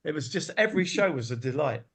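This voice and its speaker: A man's voice: on the high side, animated, quick pace, fairly bright tone, husky. A man on a review panel chatting casually and telling eager stories. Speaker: panel judge, record producer.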